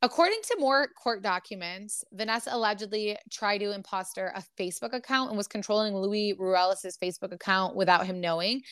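A woman's voice: medium pitch, smooth, no room sound, studio quality. A young adult woman hosting a casual gossip podcast, reading text messages aloud with lots of fillers and swearing. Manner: animated, swearing, frequent fillers. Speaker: podcast host.

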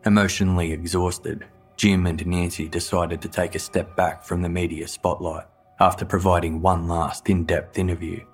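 A man narrating a true-crime story in a measured, grave, scripted manner. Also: low voice, little pitch movement, slightly rough, soft background music.

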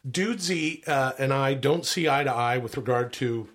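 A slightly hoarse man from Canada, rambling through casual comedic banter on a podcast. His voice sits at a middling pitch. He swears freely and keeps restarting his thoughts. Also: normal speed, a bit bright. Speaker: podcast co-host.

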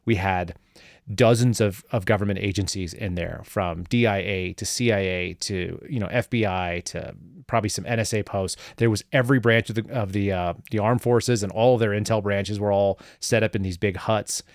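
Interview guest, male, lower register, dry close mic; chatty and wry, filler-heavy storyteller. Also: fairly even intonation, moderate pace, no echo. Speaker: guest, former government analyst.

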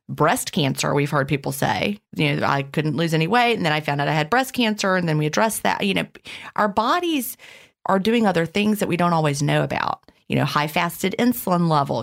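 Woman podcast cohost, low voice with a gravelly fry, easygoing chatty talk. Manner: chatty, reads listener questions aloud. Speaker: podcast co-host. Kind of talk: casual podcast chat.

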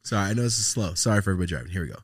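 Low-ish voiced guy hosting a podcast, swearing a lot, rambly and reflective, lots of ums and restarts. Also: expressive, racing, slight background noise. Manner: loose, profane, reflective, with many fillers and restarts. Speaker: podcast host. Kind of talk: casual storytelling chat.

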